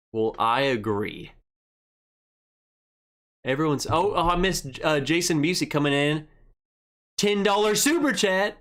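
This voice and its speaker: Young male stream host, slightly high voice, loose rambling storyteller who reads chat aloud. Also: expressive, a little slow, pauses often, fairly bright tone. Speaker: livestream host. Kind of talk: casual live chat.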